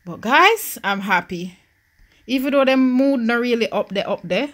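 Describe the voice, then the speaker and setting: A young woman from Jamaica with a Jamaican accent, giving casual commentary while playing a life-simulation game, swinging from hushed worry to loud excitement. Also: a little high, moderate pace. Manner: animated, swings from quiet worry to loud joy. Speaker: gaming YouTuber. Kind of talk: Sims let's-play commentary.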